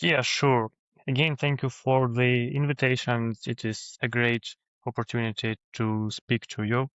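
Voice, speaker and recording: Guy explaining policy stuff, calm with pauses, smooth voice, kinda dull lo-fi sound. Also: lowish voice, dry recording. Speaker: guest policy expert. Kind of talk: interview answers.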